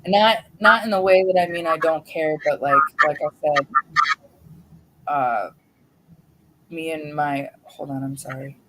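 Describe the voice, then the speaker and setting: A young woman speaking heartfelt and halting about her late mother, at times swearing, as a grieving daughter on a livestream. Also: sits low, background noise. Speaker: grieving daughter sharing a memorial tribute. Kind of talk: emotional personal talk on a livestream.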